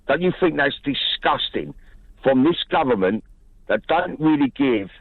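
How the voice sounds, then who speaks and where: A man's voice: medium pitch, no room sound. A man calling a radio show who is indignant and keeps pressing his point. His voice comes through a tinny phone line with a dry, close sound. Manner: indignant, pressing, uses "mate". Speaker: caller. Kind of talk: phone-in call.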